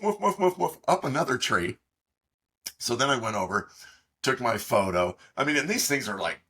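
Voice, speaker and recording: A middle-aged man co-hosting a podcast, telling a long, halting story in casual chat with many fillers. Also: on the low side, sharp tone, husky. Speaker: podcast co-host.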